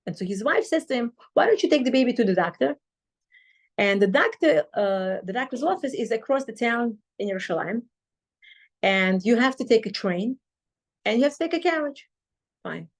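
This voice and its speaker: High-voiced woman telling a story. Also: moderate pace. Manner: animated retelling, acting out quoted dialogue. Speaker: Torah class teacher. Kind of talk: storytelling Torah talk.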